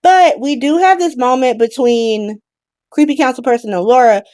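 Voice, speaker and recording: A woman hosting a casual soap opera recap, talking in an animated, profane way with laughing asides. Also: high voice, moderate pace, dry recording, clean studio sound.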